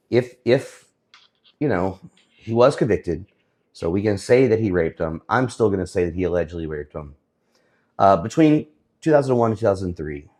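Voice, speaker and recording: A man giving casual, sarcastic commentary on the week's news, often pausing with fillers. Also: sits low, darkish tone. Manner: sarcastic, hesitant with many fillers.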